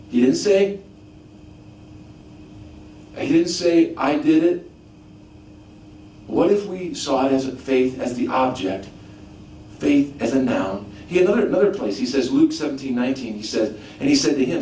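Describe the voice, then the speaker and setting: A man preaching a teaching sermon, animated, asking rhetorical questions and often restarting his sentences. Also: mid-range voice, moderate pace, pauses often. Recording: echoey room, mic at a distance, faint background noise.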